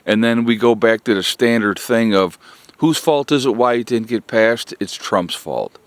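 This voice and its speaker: A man's voice: lowish voice, moderate pace, clean tone, no echo. Exasperated man ranting to viewers. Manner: exasperated, repetitive, keeps addressing "folks". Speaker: political commentary vlogger. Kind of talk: blunt political rant to viewers.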